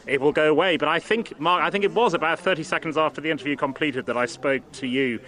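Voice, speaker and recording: Bright-voiced male radio presenter. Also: a little high, fast talker. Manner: animated, self-deprecating storytelling. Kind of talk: casual radio chat.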